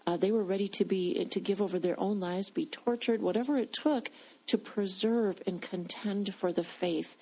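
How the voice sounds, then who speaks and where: A woman discussing faith earnestly, pausing often with hesitant fillers. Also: medium pitch, warm tone, slightly rough, low-quality recording. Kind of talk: Christian discussion.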